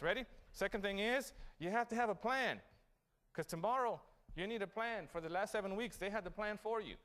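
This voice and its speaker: A man giving a motivational graduation speech, telling stories and asking the audience questions. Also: sits high. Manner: animated storytelling, asks the audience questions. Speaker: graduation guest speaker. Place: city hall event.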